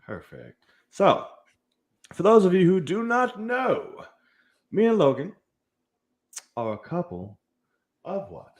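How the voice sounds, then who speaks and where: A young man with a high-pitched voice and huge pitch swings hosts a casual film podcast, speaking slowly with long pauses while he hypes the channel, chats loosely, and swears freely.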